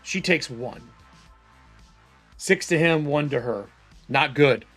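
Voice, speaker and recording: A man's voice: a little high, animated, slow, fairly bright tone, soft background music. A man narrating a solo tabletop game casually, thinking aloud as he rolls dice.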